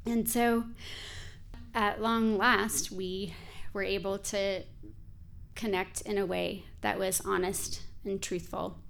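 A woman's voice: mid-range voice, flat delivery, slow, gravelly, fairly bright tone. A woman in her forties telling a personal story in a candid, conversational way, with frequent filler words.

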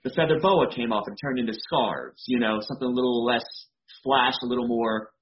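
A man's voice: mid-range voice, a little fast, dull audio. A man, a wrestler being interviewed, talking casually with lots of "you know" fillers. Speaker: wrestler guest.

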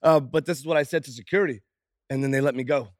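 A man guesting on a podcast, talking loud and excitable in a casual chat, swearing a lot. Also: mid-range voice, quick pace, no echo, studio quality.

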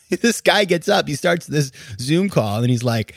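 A man's voice: mid-range voice, big pitch swings, unhurried, creaky, no echo, clean studio sound. A man hosting a podcast, giving emphatic, exasperated casual commentary and laughing now and then as he talks. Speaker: podcast host.

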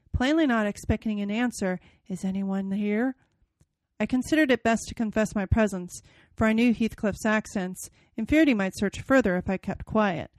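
A woman's voice: a little high, dry recording. A woman hosting a podcast, chatting casually and reading a novel passage aloud with dramatic expression. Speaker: podcast host.

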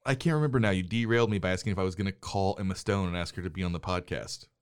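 A middle-aged man co-hosts a relaxed movie podcast, playing the wry, mock-exasperated father. His voice sits on the low side and comes across smooth and resonant. The booth sound is dry and close, with no room echo. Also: rapid-fire. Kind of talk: casual movie chat. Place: studio booth.

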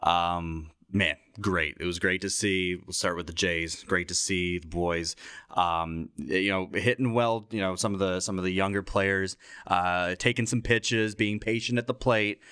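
A man's voice: sits low, a little slow, clean tone, no room sound, studio quality. A man co-hosting a podcast, telling stories in casual chat with frequent laughter and swearing. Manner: laughing, animated storytelling with swearing. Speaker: podcast co-host.

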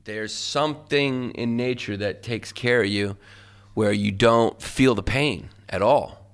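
A man's voice: mid-range voice, slow pace. A man, a stand-up comedian, telling his story casually in an interview with loose fillers and laughs.

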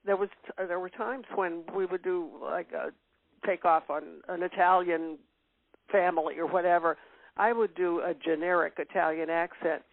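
A woman's voice: on the low side, steady tone, normal speed, no echo. An older woman as an interview guest, reminiscing in casual chat with frequent fillers and laughs. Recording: tinny phone-line sound.

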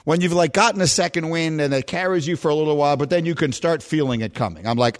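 A man's voice: a little high, quick pace, hardly any pauses. A man hosting a sports radio show, tired and giddy, laughing and teasing callers.

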